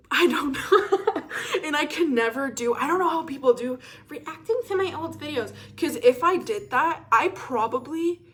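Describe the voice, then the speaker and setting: Rambling young woman podcaster, lightly high voice. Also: fairly bright tone. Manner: rambling, self-deprecating, laughs often, trails off with "I don't know". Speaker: podcast host. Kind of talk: casual solo podcast rant.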